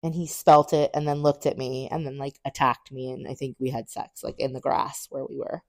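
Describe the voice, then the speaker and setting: Young woman on a podcast, low voice, dry close sound, candid storyteller who swears casually and acts out what people said. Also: brisk, no echo. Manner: animated, acts out quoted dialogue with big pitch jumps. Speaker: podcast co-host. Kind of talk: personal storytelling.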